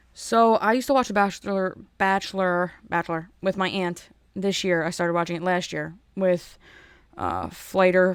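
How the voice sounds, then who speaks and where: A woman's voice: on the low side, smooth. Woman host ranting solo, keeps restarting and repeating words, dry no-echo room. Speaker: podcast host. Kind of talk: casual solo rant.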